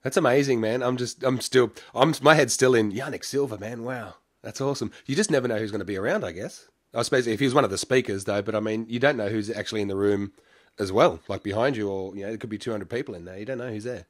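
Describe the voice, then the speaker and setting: A man's voice: fairly low pitch, quick pace. A man hosting an interview show, reacting with enthusiasm. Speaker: podcast host. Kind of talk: interview conversation.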